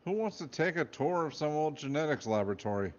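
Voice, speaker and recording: A man's voice: on the high side, expressive, fast talker, voice pushed up, close to an everyday voice. Brief: man voicing a sulky teen boy in a storybook reading, dry grumbling delivery, dull lo-fi sound.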